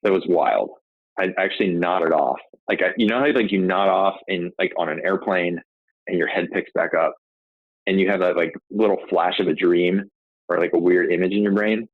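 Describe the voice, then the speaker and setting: A man's voice: sits low, moderate pace, dry recording. A man, a podcast host, casually telling a personal story, rambling with frequent restarts and fillers. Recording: tinny phone-like line, dry.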